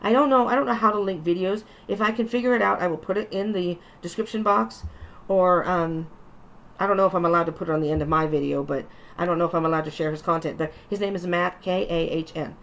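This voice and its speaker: Female tarot reader, gravelly voice, relaxed chatty reassuring delivery, casual vlog. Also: lowish voice, quick pace. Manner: chatty, reassuring, with frequent restarts. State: tired.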